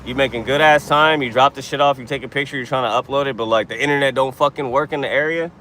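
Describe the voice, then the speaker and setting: A man's voice: medium pitch, fairly even intonation, quick pace, a bit bright, slight background noise. A young man streaming live while driving deliveries, ranting in a casual, heavily profane, irritated way. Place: inside a car on city streets.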